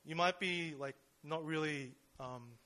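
A man's voice: on the high side, a little slow, bright, forceful tone. A young man speaking at church in a casual, conversational sermon, full of fillers and questions to his listeners. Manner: informal, with many fillers and rhetorical questions.

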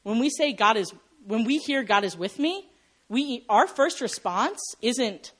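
A young adult woman preaching a sermon, telling a Bible story in a lively way, acting out quotes and laughing at herself. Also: fairly high pitch, unhurried.

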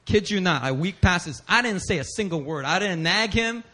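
High, bright-voiced animated male preacher. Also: fairly quick, few pauses. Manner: animated storytelling with shouts and laughter. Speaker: pastor. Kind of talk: sermon.

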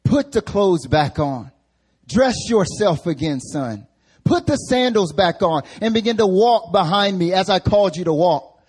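A preacher voicing God, firm and commanding. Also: male voice, high-pitched, lively intonation, normal speed, hardly any pauses, darkish tone, slightly rough, voice pushed up. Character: God calling a man to rise, commanding.

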